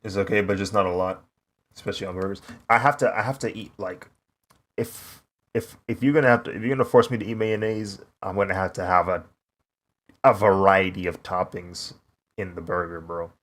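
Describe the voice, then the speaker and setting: Young male streamer, relaxed and chatty, low-ish voice, talks while he draws. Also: fairly quick. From United States. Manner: laid-back, laughs often, says "bro". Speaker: streaming artist. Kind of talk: casual chat while drawing on stream.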